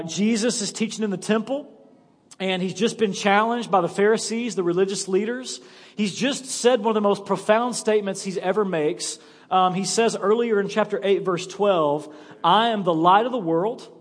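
A man preaching a sermon as pastor, reading scripture slowly and dropping his voice low, then pressing his points hard to the congregation. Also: big-room sound. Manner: emphatic preaching, slows and drops low for scripture. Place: church sanctuary.

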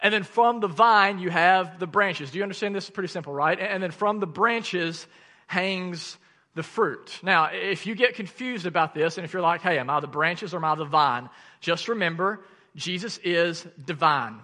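Man preaching, high bright voice, lively storytelling, reverb of a church hall. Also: normal speed. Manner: animated storytelling with laughs and bursts of loudness. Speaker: pastor. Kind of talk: sermon.

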